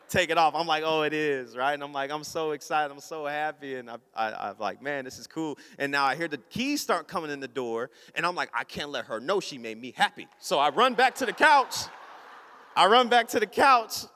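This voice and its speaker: A man preaching a storytelling sermon, acting out his own thoughts and his wife's replies in a lively, casual way. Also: fairly high pitch, long reverb tail. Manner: animated, acts out his own inner voice and his wife's.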